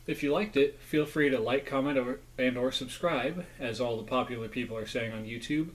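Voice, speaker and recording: A man's voice: mid-range voice, fairly quick, rough recording. This is a man with an ordinary mid-range voice, talking casually to his viewers as he reviews junk food. He rambles, corrects himself, and sometimes speaks through a mouthful of food. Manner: rambling, chatty, talks with mouth full.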